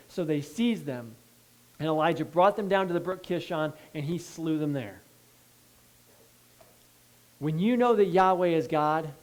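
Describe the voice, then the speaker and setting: A male pastor preaching a sermon, reading scripture and breaking in with asides, moving between hushed pleading and loud emphasis. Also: a little high, poor audio. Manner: reads scripture then breaks in with asides and checks like "okay?".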